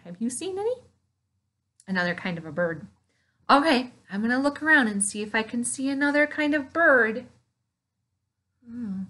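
In an online preschool Bible lesson, a woman with a medium-pitched voice talks to small children in an animated, playful manner, gasping with delight as she goes.

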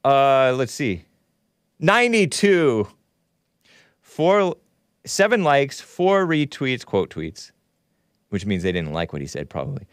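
A man's voice: medium pitch, no room sound, clean studio sound. A man hosting a casual livestream, rambling and laughing often as he reads comments and takes calls. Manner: rambling, laughs often, talks back to chat. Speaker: host.

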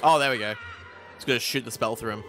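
A man's voice: medium pitch, fast. A young man streaming a game at home, chatting casually, swearing a lot and laughing often as he rambles through stories.

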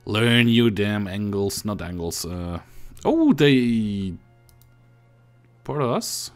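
A man with a Russian accent talks through a strategy game in casual chat. His pitch swings widely, and he mutters his moves aloud as he plays. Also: very slow, faint music behind. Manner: animated, thinking aloud. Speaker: gamer.

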